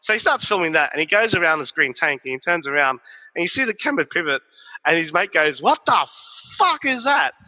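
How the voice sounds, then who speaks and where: A man, co-hosting a podcast and telling stories in a lively, swearing, casual way. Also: fairly high pitch, quick pace. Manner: animated, profane storytelling. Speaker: podcast co-host. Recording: dull, reverberant recording.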